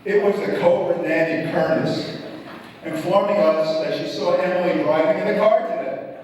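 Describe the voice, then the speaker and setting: A man's voice: fairly high pitch, normal speed, a little mellow. An older man, the father of the bride, giving a wedding speech and telling stories with dry jokes. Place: wedding reception hall. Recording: echoey hall from a distance with crowd noise.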